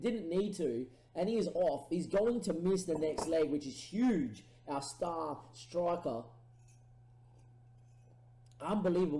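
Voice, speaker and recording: A man talks through a football management game, musing out loud about his tactics. His voice sits fairly high but sounds mellow. The room around him is noticeably echoey. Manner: thinks aloud, erupts into excited goal calls. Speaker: gaming streamer. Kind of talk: casual gameplay commentary.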